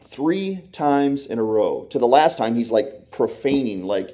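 A man of middle pitch leads a relaxed Bible teaching. He retells scripture stories with an animated, storytelling manner and casual fillers. He speaks like a teacher talking with his group rather than preaching at them. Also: unhurried, hardly any pauses.

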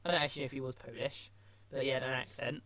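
A man's voice: mid-range voice, steady tone, rapid-fire, bright, forceful tone, no echo. A young man co-hosting a podcast, telling a story in casual chat, laughing often and a little unsure. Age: young adult. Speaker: podcast co-host.

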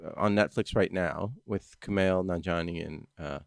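A man co-hosting a podcast in casual chat, teasing the guest with quick asides. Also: low voice, vocal fry, no room sound, clean studio sound.

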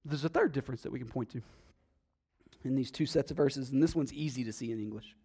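A man preaching a sermon, emphatic and swinging between loud stresses and hushed, intimate asides. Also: medium pitch, fast talker, slightly rough. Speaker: pastor.

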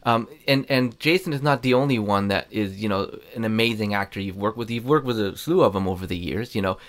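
A man's voice: fairly low pitch, fairly quick. A man hosting an interview who asks questions in a loose, chatty way. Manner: chatty, many fillers and restarts. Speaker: interview host. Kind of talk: casual interview chat.

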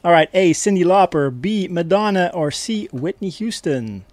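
A man's voice: high voice, expressive, normal speed, a crowd in the background. A man hosting a casual podcast trivia quiz and interview, upbeat and laughing often as he reads out questions.

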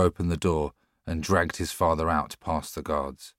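Man reading an audiobook, really low voice, steady pace, dry close sound. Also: dry recording. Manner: measured, steady storytelling. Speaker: audiobook narrator. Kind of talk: scripted narration.

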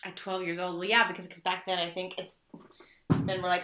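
Playful female co-host, slightly low bright voice, echoey room recording. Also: flat delivery, fairly quick. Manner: playful, joking, agreeable. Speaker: podcast co-host. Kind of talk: casual chat.

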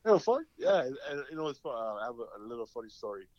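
A man's voice: mid-range voice, big pitch swings, rapid-fire, a little mellow, no room sound, dull audio. Swearing, rambling man telling stories. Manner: rambling storyteller, heavy swearing, acts out quotes. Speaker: podcast co-host. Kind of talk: casual chat.

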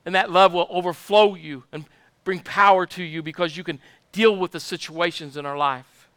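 A man's voice: high-pitched, steady tone, normal speed, a bit bright, smooth, no echo. A man preaching a fervent sermon, repeating his points and asking the congregation for amens. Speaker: pastor.

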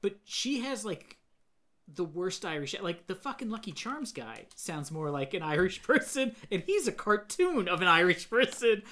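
A man's voice: sits high, big pitch swings, normal speed, bright, forceful tone. A man hosting a casual podcast, ranting with lots of swearing and laughter. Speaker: podcast host.

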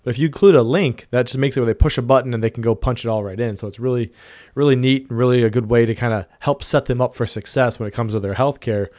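Guy host talking fast and eager, dry close sound, no room at all. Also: medium pitch, darkish tone, no echo. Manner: quick, enthusiastic, chatty. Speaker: podcast host. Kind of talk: casual interview chat.

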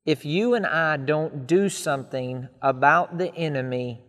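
Earnest male preacher, fairly high voice. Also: measured pace, fairly bright tone, long reverb tail. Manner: earnest preaching with emphatic repeated lists. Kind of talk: sermon.

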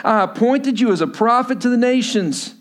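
High-voiced pastor preaching conversationally. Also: male voice, normal speed. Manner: conversational, asks the congregation questions. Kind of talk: sermon.

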